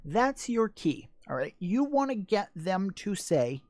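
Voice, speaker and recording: A man's voice: high-pitched, sing-song, unhurried, hardly any pauses, no echo, clean studio sound. A man hosting a casual live-stream Q&A on sex education, blunt and joking crudely.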